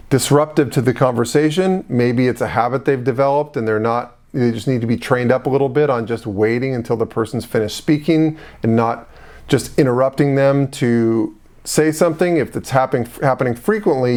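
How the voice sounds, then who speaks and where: A man's voice: mid-range voice, darkish tone. A middle-aged man hosting a business advice video, talking casually straight to the viewer and asking them questions. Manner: conversational, asks the viewer questions, fillers like "you know". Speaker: host of a business advice channel. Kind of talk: casual direct-to-camera explainer.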